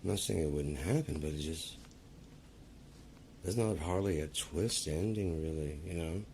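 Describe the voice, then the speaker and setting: A man's voice: very deep voice, normal speed, darkish tone, slight background noise. A man rambling casually on a stream, drawling and profane, with sentences that trail off and restart.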